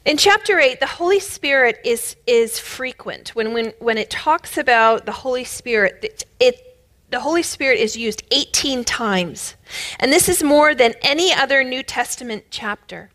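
A woman preaching a sermon with emphatic, rising bursts of loudness, she is middle-aged. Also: on the high side, expressive, normal speed. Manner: emphatic, builds to loud bursts.

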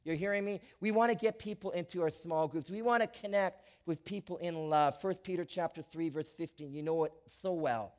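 A man preaching a sermon as a pastor, animated, swinging from quiet asides to loud emphatic lines with frequent restarts. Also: on the high side, a little fast, few pauses.

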